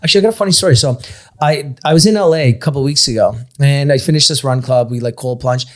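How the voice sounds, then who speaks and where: A young man talks fast as a podcast guest, telling lively stories in a loose, casual way. He swears often and fills his speech with "like.". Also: mid-range voice. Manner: animated storytelling, frequent swearing and "like". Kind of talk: casual chat.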